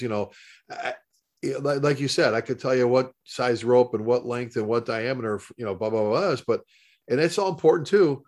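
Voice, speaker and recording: Animated male fire instructor co-host. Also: mid-range voice, normal speed. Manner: animated, many restarts and stumbles. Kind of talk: casual storytelling chat.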